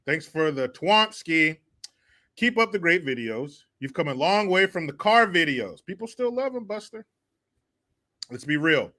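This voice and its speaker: A man's voice: a little high, very animated, unhurried, bright, forceful tone. A man hosting a profane comedy commentary show, laughing often, cursing and mocking the clips he reacts to.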